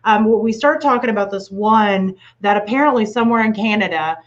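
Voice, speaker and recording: A woman's voice: medium pitch, brisk, muffled recording. A middle-aged woman from Tennessee hosting a podcast, telling stories in a loose, rambling way with many fillers. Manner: rambling, filler-heavy storytelling. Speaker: podcast host. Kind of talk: casual podcast chat.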